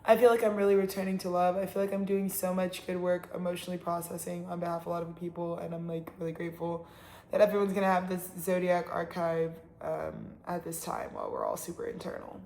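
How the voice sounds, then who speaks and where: A woman's voice: on the low side, expressive, fast talker, gravelly, darkish tone, reverberant. A woman giving a casual, rambling tarot reading, talking bluntly and swearing freely. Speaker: tarot reader.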